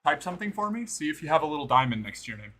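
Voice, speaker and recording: With a rather high, sing-song voice and a sharp tone, this man talks rapidly. He is live streaming, playing a game and working out while chatting with his audience.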